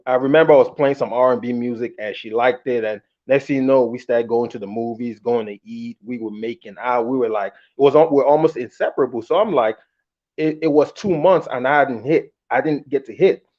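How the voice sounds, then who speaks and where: A man telling a long personal story in a casual, candid and animated way, acting out the quotes. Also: mid-range voice, normal speed. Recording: muffled lo-fi audio.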